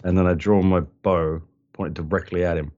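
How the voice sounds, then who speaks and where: A man's voice: low voice, steady tone, fairly quick, darkish tone, lo-fi sound. A man playing a tabletop game, asking questions and slipping in and out of character. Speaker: player. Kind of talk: tabletop role-play.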